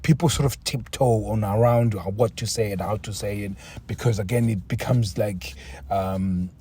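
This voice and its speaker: A man's voice: lowish voice, moderate pace, dark tone, breathy edge. A man hosting his own podcast, talking in a frank, rambling way with frequent restarts and the occasional swear word. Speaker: podcast host. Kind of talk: solo podcast monologue.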